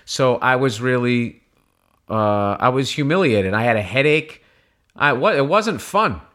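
Profane, animated comedian telling a story. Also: male voice, measured pace. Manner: animated, profane, jumps in pitch when quoting people. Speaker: stand-up comedian. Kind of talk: casual storytelling conversation.

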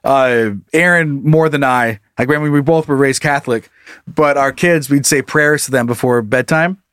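A man's voice: medium pitch, normal speed, a bit bright, clean tone, dry recording, studio quality. A man in his thirties co-hosting a podcast, telling stories in casual chat and laughing often. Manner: laughs often, acts out voices in anecdotes. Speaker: podcast co-host.

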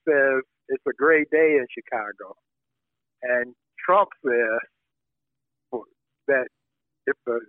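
A man's voice: mid-range voice, dry recording. Man on a tinny phone line. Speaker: journalist guest. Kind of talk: conversational interview.

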